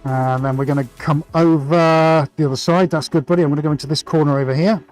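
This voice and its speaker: Upbeat man, slightly high voice. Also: fast, soft background music, rough recording. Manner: energetic, chatty, greets viewers by name. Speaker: artist hosting a live stream. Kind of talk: casual live-stream chat while painting.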